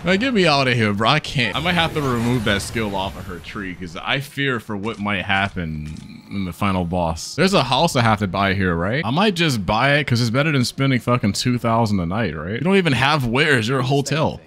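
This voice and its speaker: Lively joking young gamer man. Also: mid-range voice, normal speed. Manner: profane, joking, talks to viewers. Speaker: gaming YouTuber. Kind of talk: casual gameplay commentary.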